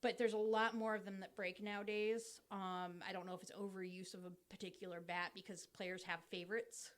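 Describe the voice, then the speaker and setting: A young woman talking through baseball rules in an easygoing podcast chat. Her voice sits at an ordinary pitch, and she explains things step by step with plenty of ums and restarts. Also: flat delivery, fairly quick.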